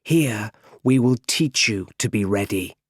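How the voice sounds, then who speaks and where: A man voicing a stern, commanding male mentor in a firm, measured way for an audiobook. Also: fairly low pitch, lively intonation, dry recording, studio quality. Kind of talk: audiobook character reading.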